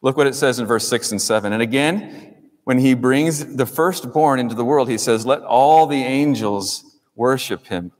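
A man preaching a sermon to his congregation in a church sanctuary. His voice sits at a middling pitch, swinging between emphatic rises and quiet drops as he speaks. The sound carries a long reverb from the large room. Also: moderate pace. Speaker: pastor.

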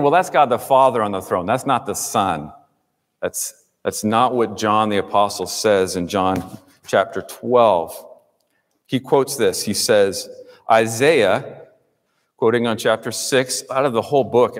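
A man pastor preaching a sermon, addressing the congregation with emphatic rises and drops. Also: fairly low pitch. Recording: long reverb in a large room.

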